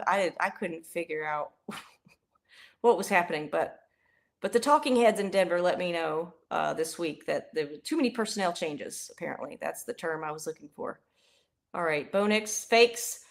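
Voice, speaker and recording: A young woman doing casual live play-by-play of a football game, chatty and rambling, bursting into excited yelling. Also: on the low side. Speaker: livestream host.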